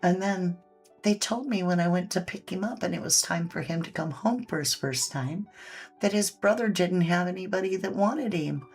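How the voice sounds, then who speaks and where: Low, husky woman chatting on a live stream. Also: normal speed, darkish tone. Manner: chatty, reads viewer comments aloud, fusses over her dogs. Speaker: live-stream painting host. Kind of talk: casual live-stream chat. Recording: faint background music.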